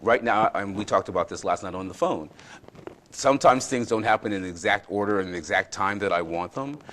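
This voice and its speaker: A man's voice: fairly low pitch, fairly quick, fairly bright tone, a little hiss or hum, low-quality recording. A man hosting a wellness talk show, speaking earnestly and telling reflective stories. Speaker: show host, fitness expert. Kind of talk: casual conversational talk.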